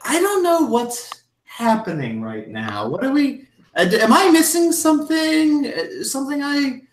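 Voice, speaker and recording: A man's voice: sing-song, measured pace, exaggerated voice. A man voicing a flustered middle-aged woman who hosts a dinner, recorded from a distance with a roomy echo. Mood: confused. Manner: flustered, fretful, high-pitched.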